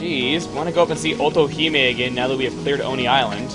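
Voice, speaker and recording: A man giving casual, joking commentary over his gameplay, breaking into loud excited exclamations. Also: medium pitch, rapid-fire. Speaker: let's play commentator. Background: game music.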